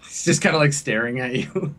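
A man's voice: mid-range voice, brisk, fairly bright tone. A man running a tabletop role-playing game, narrating loosely with lots of fillers. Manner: loose and rambling, with many fillers. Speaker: game master.

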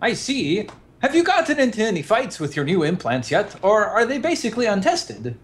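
Player voicing a tall probing questioner, raised pitch, lively intonation. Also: male voice, moderate pace.

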